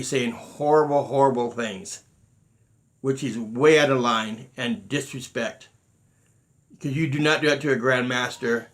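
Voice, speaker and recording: A man's voice: medium pitch, fairly bright tone. A middle-aged man, a martial arts grandmaster, talking emphatically in a monologue, repeating words and acting out quotes. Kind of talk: monologue telling stories.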